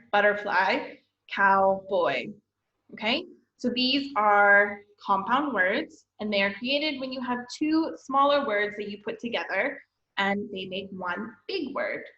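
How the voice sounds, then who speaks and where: Woman teacher, recorded lesson for kids; encouraging, unhurried, bright tone, dull lo-fi echoey audio. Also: medium pitch. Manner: slow, patient, encouraging, checks in with "okay?". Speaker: elementary school teacher. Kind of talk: recorded online lesson for children.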